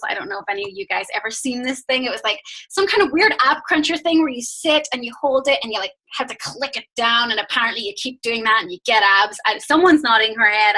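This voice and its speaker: A woman's voice: a little high, sharp tone, poor audio. A young woman from Northern Ireland with a mixed Belfast and Southern California accent, telling her story casually as a guest on a video call, chatty and laughing often. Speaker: guest fitness coach.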